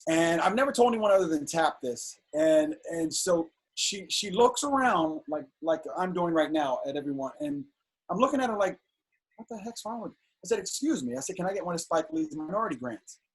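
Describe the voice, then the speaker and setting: Husky high-voiced man telling stories. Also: fairly quick. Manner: animated, indignant storyteller. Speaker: filmmaker guest. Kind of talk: casual interview storytelling. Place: home on a video call.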